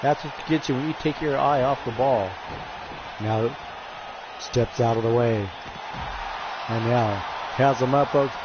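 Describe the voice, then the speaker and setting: A man's voice: medium pitch, a little slow, pauses often, highs cut off, background noise. Jokey man calling a video game wrestling match. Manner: jokey wrestling-announcer patter, keeps saying folks; stumbles and restarts phrases. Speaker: wrestling game commentator and stream host. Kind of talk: play-by-play commentary on a video game stream.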